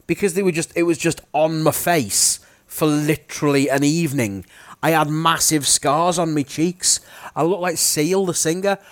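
A man's voice: fairly high pitch, dry recording. A young man co-hosting a podcast, telling stories in a rambling, self-mocking way. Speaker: podcast co-host. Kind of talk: casual chat.

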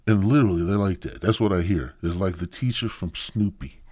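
Low, husky man rambling profanely. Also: a little mellow, no echo. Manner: profane, meandering, halting restarts. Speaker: podcast host. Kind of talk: rambling comedic monologue. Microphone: close microphone.

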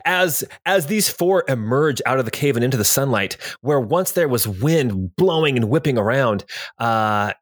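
A man narrates a tabletop game as game master, his pitch rising and falling with lots of movement. The sound is dry and close. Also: normal speed, no echo. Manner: lively, expressive narration.

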